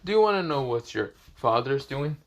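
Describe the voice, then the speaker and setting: A man voicing Orochimaru, a sly, scheming snake ninja, in a smooth, teasing way. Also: medium pitch, big pitch swings, normal speed, dull audio, voice pushed up.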